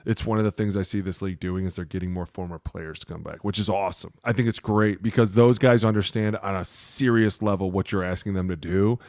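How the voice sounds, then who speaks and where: A man co-hosting a casual sports podcast, telling locker-room stories with lots of swearing and acted-out coach yelling. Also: low voice, fairly quick, few pauses, no room sound, clean studio sound. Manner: profane, animated storytelling, acting out coaches' yelling. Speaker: podcast co-host, former offensive lineman.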